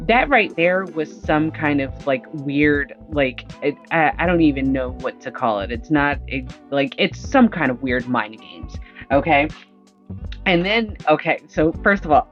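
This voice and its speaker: A woman host reacting to a story in casual, indignant and emphatic commentary. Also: low-pitched. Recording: dull lo-fi sound with faint music.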